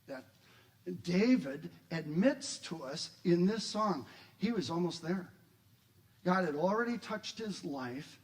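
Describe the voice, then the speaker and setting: A middle-aged man preaching a sermon in a high-pitched voice. He is animated and gets louder when he acts out the voices in his stories, then drops back to a calmer teaching tone. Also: low-quality recording. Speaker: pastor.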